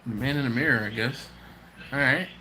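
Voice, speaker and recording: A man's voice: medium pitch, fairly quick, bright, forceful tone, slight background noise. A man hosting a casual live stream, reading out viewer comments in a laid-back, chatty way, often laughing and trailing off mid-sentence.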